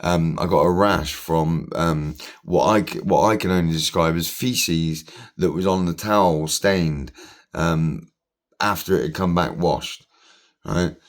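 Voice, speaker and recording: A man's voice: deep voice, a little slow. A man telling a rambling personal story, swearing freely and repeating himself. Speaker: vlogger.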